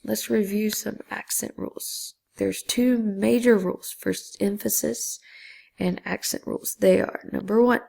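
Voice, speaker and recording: Taking her time, a woman with a dark, deeply gravelly voice teaches Spanish grammar, patiently working through every rule one step at a time. She keeps a steady tone and measured pace, whispering the key syllables.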